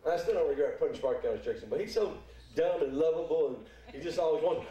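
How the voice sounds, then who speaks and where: A middle-aged male pastor preaches with a folksy, playful delivery and drops into little acted-out voices. His voice sits high for a man. It rings through a very echoey church hall, heard from some distance off the mic. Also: lively intonation, fast talker, warm tone, muffled recording. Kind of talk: sermon. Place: church sanctuary.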